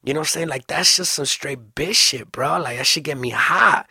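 A young man telling a story casually, full of slang and swearing, animated and fast. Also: fairly high pitch, husky, dry recording, studio quality.

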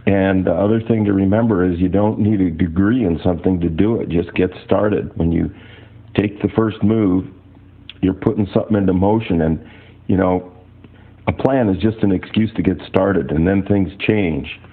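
Older male artist, low husky storyteller, tinny narrow recording. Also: fairly even intonation, normal speed. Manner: rambling anecdotal storyteller. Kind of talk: personal storytelling talk. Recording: tinny phone-like audio.

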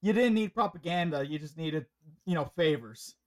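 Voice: mid-range voice, expressive, normal speed. A podcast host in casual chat, telling long rambling stories with many restarts.

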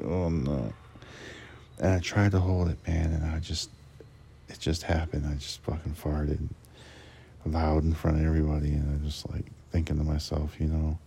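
A man's voice: sits low, gravelly, mellow, husky. A man who drives a truck for work, telling a rambling, crude and profane story in a casual monologue, often restarting his sentences.

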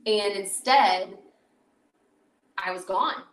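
A woman podcast host from the Chicago suburbs telling a personal story in a casual, animated way, full of fillers and acted-out quotes. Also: mid-range voice, drawn-out words, distant mic. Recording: roomy echo, voice a bit off-mic.

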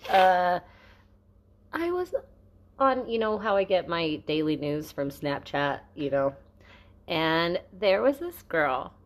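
Woman, low voice, podcast co-host, casual chat, rambling, joking, filler-heavy. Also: very animated, slow, pauses often.

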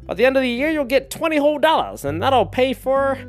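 A man's voice: very high-pitched, big pitch swings, fast talker, faint music behind, pitched above the performer's own voice. A man putting on the voice of a stingy male boss who talks down while handing out a tiny raise. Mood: condescending. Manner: mock-generous, condescending.

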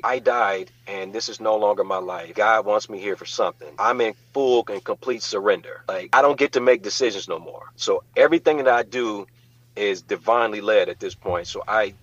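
Husky-voiced man telling his story. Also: on the low side, no room sound, highs cut off. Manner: animated, acts out quoted voices. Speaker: guest. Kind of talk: casual storytelling in an interview.

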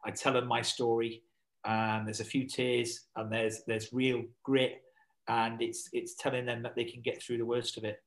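A man's voice: medium pitch, level tone, normal speed, low-quality recording. A man chatting as a podcast guest, rambling with lots of fillers and restarts. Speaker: podcast guest, survival instructor. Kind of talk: casual podcast chat.

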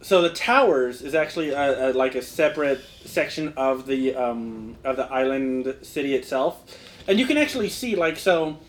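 A man's voice: mid-range voice, animated, normal speed. A young man narrating as game master in a casual, rambling way, full of fillers. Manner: rambling, filler-heavy, laughs often.

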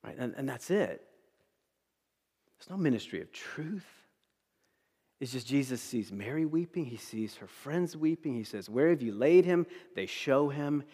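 A man preaching a sermon. He talks in an animated way, swinging between loud emphasis and hushed tones. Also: mid-range voice, measured pace, long pauses, breathy edge, in a large hall. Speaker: pastor.

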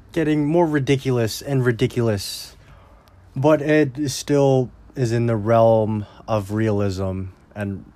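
A man's voice: mid-range voice, mellow, no room sound. A man recapping a movie in a casual, rambling way, blunt and full of swearing. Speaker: movie reviewer.

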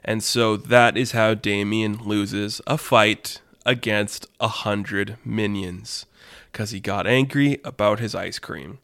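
A man's voice: fairly low pitch, fairly even intonation, takes it slowly, vocal fry, fairly bright tone, clear, resonant tone. A man hosting a podcast, telling an improvised story casually, rambling and restarting as he goes. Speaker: podcast host.

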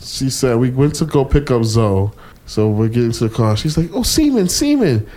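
A man in casual podcast chat, animated and blunt, acting out his kids' voices as he tells stories. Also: mid-range voice, normal speed. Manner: profane, blunt. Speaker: podcast co-host.

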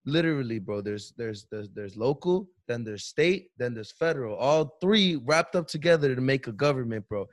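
A man's voice: mid-range voice, expressive, normal speed, hardly any pauses, no echo. Casual young man, dry close sound. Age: young adult. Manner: loose, casual, with fillers and slang. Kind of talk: casual chat.

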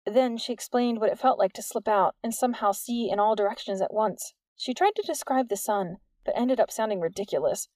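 A woman giving steady, measured scripted narration of a novel into a close studio mic. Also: medium pitch, no echo. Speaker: audiobook narrator.

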